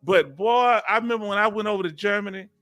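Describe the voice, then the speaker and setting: A man from Houston with a Southern Texas accent, hosting a live stream in a folksy, drawn-out storytelling way. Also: high voice, a bit bright, faint music behind. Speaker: host.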